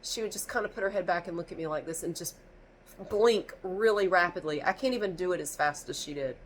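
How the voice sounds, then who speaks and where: A woman's voice: fairly low pitch, fairly quick, a little hiss or hum, low-quality recording. A woman telling a storytime rant to camera, exasperated and rambling, with a stuffy nose from sneezing. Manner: exasperated, animated, rambling with restarts. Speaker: vlogger.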